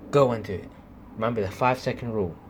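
Earnest teenage guy, low voice, noisy. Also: fast talker. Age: late teens. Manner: earnest, rambling, encouraging. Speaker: podcast host. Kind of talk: solo motivational podcast monologue. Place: at home at night. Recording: steady background noise.

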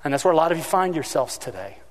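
A quick-speaking pastor with a slightly high voice preaches in a large hall. He brings his stories to life by performing their voices, his own shouting among them.

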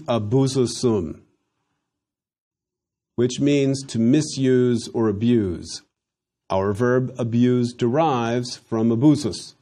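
A man teaching a Latin lesson, slowly drilling phrases for students to repeat, with dry humor. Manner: dry humor, slow emphatic drills with lively pitch. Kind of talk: recorded language lesson.

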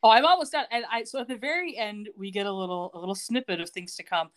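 A woman's voice: medium pitch, quick pace. A woman co-hosting a podcast, recapping a TV episode in casual chat, sarcastic and laughing often. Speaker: podcast co-host.

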